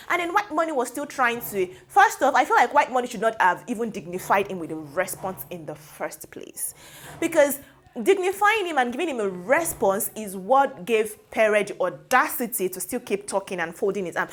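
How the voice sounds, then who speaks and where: A woman with a Nigerian accent hosting a casual gossip commentary, animated and opinionated, slipping into pidgin phrases, recorded on a lapel mic in a studio. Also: mid-range voice, brisk. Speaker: host.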